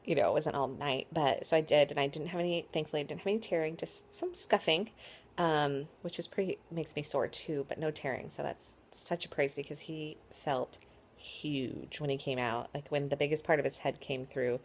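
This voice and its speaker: Tired, chatty low-voiced woman. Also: normal speed, slight background noise. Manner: chatty, rambling, with frequent likes and ums. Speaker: vlogger. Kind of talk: casual birth story vlog.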